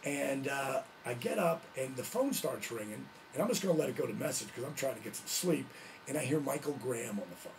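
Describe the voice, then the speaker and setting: A man hosting his vlog, telling a story in a casual, animated way, full of slang and frequent laughs. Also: mid-range voice, a little fast, a little hiss or hum. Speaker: vlog host, former wrestler.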